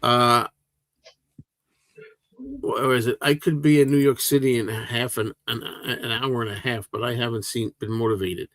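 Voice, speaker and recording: A man's voice: mid-range voice, measured pace, fairly bright tone, no echo. Older man hosting a rambling livestream. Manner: rambling, with frequent restarts and fillers. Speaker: livestream host. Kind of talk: casual chat, answering viewer questions.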